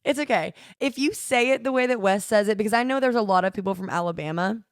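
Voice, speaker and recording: A woman's voice: mid-range voice, quick pace, clear, resonant tone, no echo, clean studio sound. A woman from the American South with a Southern accent, chatting casually as a podcast co-host and laughing often, recorded on a phone at home. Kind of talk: casual chat.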